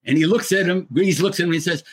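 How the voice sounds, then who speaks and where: High-voiced older man telling a story. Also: fast talker, slightly rough. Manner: animated storyteller who acts out the quotes. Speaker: panelist. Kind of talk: anecdote on a panel.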